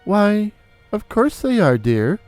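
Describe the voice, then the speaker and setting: A man voicing a sweetly sinister mother who is secretly a night floater, speaking in a quiet croon. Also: sits high, very animated, a little slow, dry recording, faint music behind.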